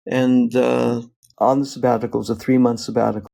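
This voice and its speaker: An older man, a guest on an interview show, tells a personal anecdote in an animated way and laughs often as he goes. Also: medium pitch, brisk, vocal fry. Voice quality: animated, laughs often while telling stories. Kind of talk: anecdotal storytelling.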